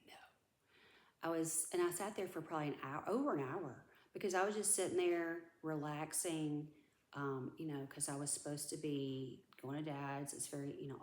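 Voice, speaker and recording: Rambling woman vlogger, echoey room. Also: sits low. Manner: rambling storyteller who vents and drops to a whisper. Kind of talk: casual chat. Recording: echoey room with background noise.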